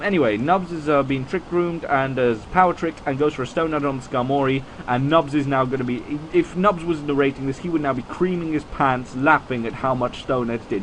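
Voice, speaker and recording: A man in his twenties giving casual, rambling video game commentary, chatty and self-mocking, with swings in pitch. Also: a little hiss or hum, low-quality recording.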